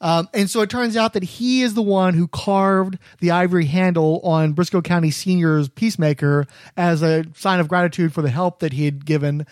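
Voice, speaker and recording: Guy with a high voice rambling through a show recap, fixes himself a lot, dry sound. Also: steady tone, moderate pace, few pauses, no room sound. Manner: rambling, self-correcting recap. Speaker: podcast co-host recapping episodes. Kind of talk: casual chat.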